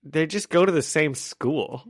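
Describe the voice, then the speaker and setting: A man's voice: on the high side, measured pace, dry recording. A man co-hosting a casual podcast, giving his opinions with frequent laughs and lots of "like" and "you know". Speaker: podcast co-host.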